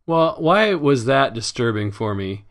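Animated, self-mocking man. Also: measured pace. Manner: animated, acts out his own past reactions in a high voice; self-deprecating. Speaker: podcast co-host. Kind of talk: casual chat.

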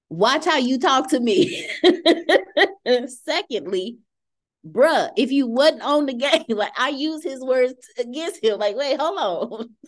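A middle-aged woman hosting a casual podcast chat, telling stories and acting out quoted lines. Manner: animated storyteller, acts out quotes in shifting pitch.

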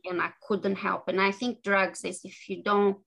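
An earnest woman speaks as an author in an interview. She talks in a halting way, often restarting her sentences. Her voice sounds bright and forceful. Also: mid-range voice, level tone, vocal fry, poor audio. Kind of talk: interview guest.

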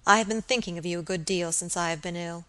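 A woman reading an audiobook and voicing an elderly, ailing baronet who talks gently and affectionately. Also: fairly low pitch, fast talker. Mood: fond. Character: elderly ailing male baronet, fond and fatherly.

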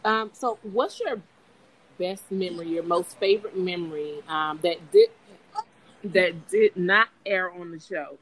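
A woman hosting a casual interview, playful and quick with her prompts. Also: on the low side, poor audio. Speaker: podcast host.

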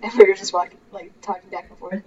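A woman's voice: medium pitch, fairly even intonation, quick pace, crowd noise. A woman co-hosting a podcast, chatting casually and sharing facts with filler words. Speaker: podcast co-host. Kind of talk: casual chat. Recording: slightly dull lo-fi recording with faint hiss.

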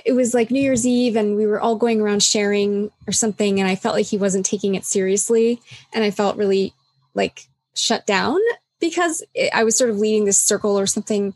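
In a fairly quick, slightly mellow mid-range voice, a woman chats casually and candidly, reflecting as she goes. She leans heavily on "like" and performs the quotes she relates, all on a dry recording.

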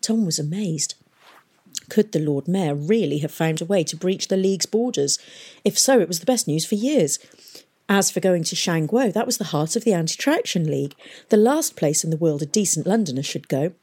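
A woman reading an audiobook in measured, unhurried narration. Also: on the low side, expressive, darkish tone, slightly rough. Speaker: audiobook reader.

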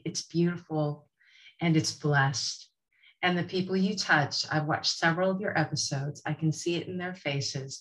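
A woman guest giving a heartfelt, slow and emphatic tribute to the host. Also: low voice, rough recording. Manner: warm, earnest, slow and emphatic. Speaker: author and guest.

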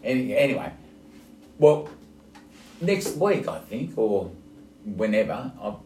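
A man's voice: medium pitch, slow, a little hiss or hum. Rambling man in echoey room. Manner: animated, rambling storyteller. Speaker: podcast co-host. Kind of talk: casual banter.

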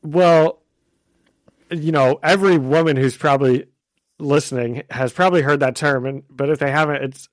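A man's voice: on the high side, fairly even intonation, moderate pace, no room sound, clean studio sound. Giggly man getting over a cold. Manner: giggly, chatty, laughs often. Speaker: podcast co-host. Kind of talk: casual chat.

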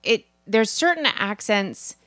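A woman's voice: medium pitch, sing-song, takes it slowly, fairly bright tone, no room sound. Opinionated woman on a podcast. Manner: opinionated, explanatory. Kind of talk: casual chat.

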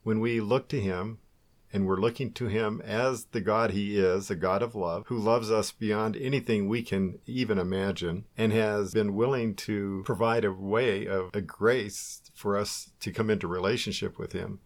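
Calm low-voiced man on faith talk. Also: moderate pace. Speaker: co-host of a Christian talk program.

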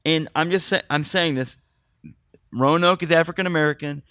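A man's voice: fairly high pitch, normal speed, no room sound, studio quality. Sarcastic man ranting about a bad movie. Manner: sarcastic, animated, addresses listeners as folks. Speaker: podcast co-host. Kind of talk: casual movie-review chat.

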